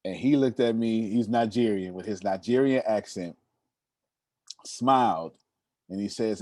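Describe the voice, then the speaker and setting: A man in his thirties, a motivational speaker telling stories to an audience, animated and addressing the listeners directly with a teasing tone. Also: on the low side, unhurried, long pauses, no room sound, studio quality. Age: 30s. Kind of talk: storytelling talk to an audience.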